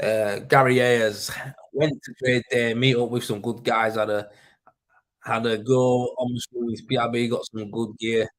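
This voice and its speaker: This livestream host has a Yorkshire accent and a medium voice with little pitch movement, talking a little slowly. Reading viewer comments, he rambles and chats with fillers and swearing; the desk mic recording is rough.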